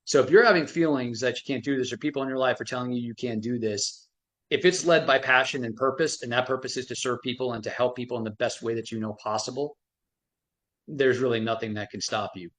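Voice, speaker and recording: A man's voice: mid-range voice, a bit bright. A middle-aged man, a frequency medicine expert, telling stories animatedly with many restarts on a live stream. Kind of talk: motivational talk on a live stream.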